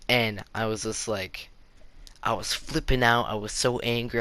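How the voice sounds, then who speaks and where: A man's voice: lowish voice, fairly even intonation, normal speed, sharp tone, clean tone. A teenage boy telling a casual story-time tale to his viewers, rambling with lots of "like" fillers. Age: teens. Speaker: YouTuber.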